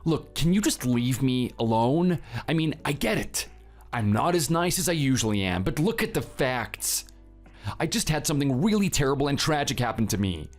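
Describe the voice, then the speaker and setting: Guy doing cold defensive husband, expressive voice, soft music behind. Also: medium pitch, normal speed, natural voice. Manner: curt and defensive. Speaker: partner. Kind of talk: dramatized story dialogue.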